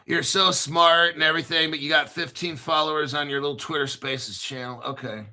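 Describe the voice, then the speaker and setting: A man's voice: a little high, pushed and bright. A man in his fifties hosting a crypto video, ranting casually in a blunt, profane, combative way and repeating himself for emphasis.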